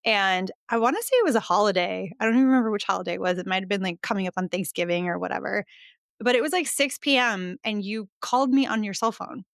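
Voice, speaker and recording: A woman's voice: mid-range voice, fast, gravelly, no echo, clean studio sound. A woman hosting a podcast, talking in an enthusiastic, gushing way during a casual interview and ad read. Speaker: podcast host.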